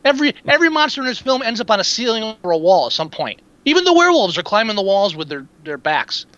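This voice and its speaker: A man's voice: high-pitched, fast, dry recording. A man co-hosting a casual film-review chat, rambling and acting out quotes as he talks. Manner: animated, rambling, acts out quotes. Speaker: podcast co-host. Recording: dull lo-fi recording.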